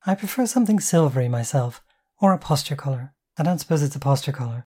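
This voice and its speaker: A brash, foul-mouthed sister bosses and teases in a raised, mellow voice, as the audiobook narrator puts her on. She booms and insists rather than asks. The reading stays warm rather than sharp. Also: expressive, quick pace, slightly rough, full character voice. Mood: bossy. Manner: loud, bossy and swearing.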